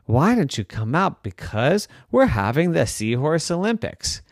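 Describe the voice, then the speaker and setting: A man's voice: fairly high pitch, sing-song, unhurried, dry recording, studio quality, full character voice. A man voicing a big seahorse who seems friendly but is tricky, talking in a breezy, easygoing way.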